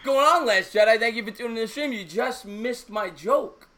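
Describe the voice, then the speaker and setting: Bright high-voiced man. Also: normal speed. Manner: rambling, repeats himself, tells jokes. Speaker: co-host of a sports talk stream. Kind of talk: casual chat on a live stream.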